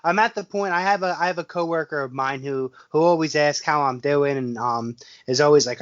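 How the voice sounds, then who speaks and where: A man co-hosting a sports podcast, gushing with excitement and stammering over his words. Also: fairly high pitch, moderate pace, lo-fi sound. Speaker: podcast co-host. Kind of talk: casual sports podcast chat.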